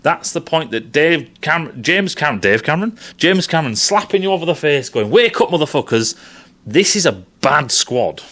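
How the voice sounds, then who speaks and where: Animated, swearing man breaking down a film. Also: fairly high pitch, moderate pace, few pauses. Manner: profane, rambling and animated. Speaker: film commentator. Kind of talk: casual film analysis.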